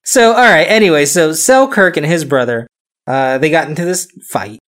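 A man's voice: on the high side, lively intonation, moderate pace, fairly bright tone. A man hosting a casual podcast, telling a history story loosely, with frequent fillers and chuckles.

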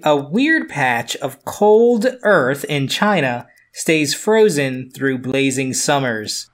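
A man's voice: mid-range voice, lively intonation, slow, hardly any pauses, faint music behind. Rambling man co-hosting news chat. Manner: loose, rambling explanations with fillers. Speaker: podcast co-host.

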